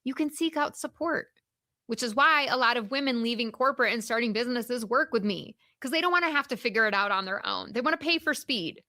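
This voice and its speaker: Bright-voiced, upbeat woman coach. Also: fairly high pitch, dry recording, studio quality. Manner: encouraging, emphatic, slows down to stress points. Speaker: podcast host and career coach. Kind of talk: solo motivational podcast.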